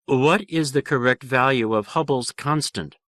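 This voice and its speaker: A man voicing an earnest, scholarly priest who speaks in a measured, formal way. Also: mid-range voice, fairly bright tone, dry recording, clean studio sound, close to an everyday voice.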